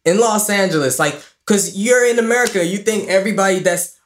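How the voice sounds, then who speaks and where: A man who grew up in Ireland, telling stories in a relaxed casual chat, with many restarts and trailing phrases. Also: high-pitched, fairly quick. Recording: echoey room.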